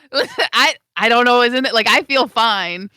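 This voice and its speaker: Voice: medium pitch, expressive, unhurried, bright, forceful tone. A radio co-host joining the morning banter with an easygoing, giggly manner.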